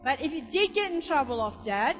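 A woman's voice: high-pitched, very animated, a little fast, a bit bright, in a large hall, faint music behind. A woman preaching a sermon, telling stories and asking the congregation questions in a chatty way. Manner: chatty storytelling, asks the audience questions.

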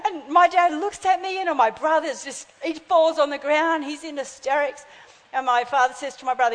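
A woman's voice: high voice, moderate pace. A woman in her fifties preaching a sermon, telling stories and acting out the voices in them. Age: 50s. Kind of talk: sermon with storytelling. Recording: long hall reverb.

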